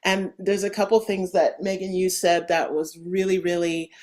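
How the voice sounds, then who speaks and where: A woman hosting a podcast interview, talking in an enthusiastic, animated way with lots of fillers and restarts. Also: lowish voice, normal speed. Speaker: podcast host. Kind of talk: casual interview chat.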